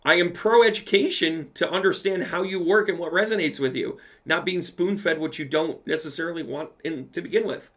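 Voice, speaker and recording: A man's voice: on the high side, moderate pace, hardly any pauses, a bit bright. A man hosting a casual livestream Q&A as a medium, reading out viewer comments and answering them with playful asides. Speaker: medium answering live chat questions.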